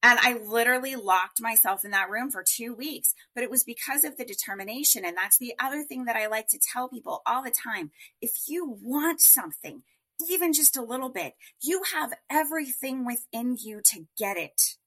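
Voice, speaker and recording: A woman telling her story as a guest in a podcast interview, chatty and animated, with many fillers. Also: on the high side, moderate pace.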